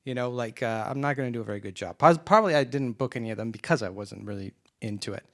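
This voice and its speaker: Man, panel moderator, reflective, hesitant, mid pitch. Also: fast talker. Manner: relaxed, reflective, hesitant with fillers. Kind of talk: panel discussion.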